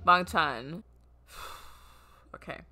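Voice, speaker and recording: A woman's voice: deep voice, very slow. A woman vlogger reacting to a music video in a dramatic, exclamatory, teasing way while crying. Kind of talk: casual reaction chat. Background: music playing.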